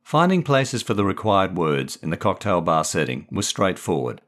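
A man reads his own short story in a measured, clear way. His voice sits very low. His intonation still swings in a lively way. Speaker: author and narrator.

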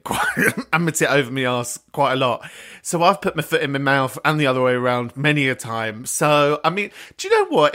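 A man's voice: mid-range voice, bright, forceful tone. A man hosting a podcast, rambling and swearing, often breaking into giggles. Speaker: podcast host. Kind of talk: casual chat.

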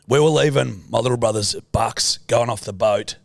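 A man's voice: mid-range voice, moderate pace, gravelly, a little mellow, no echo, clean studio sound. A man with an Australian accent, a podcast co-host telling a story in casual, sweary chat.

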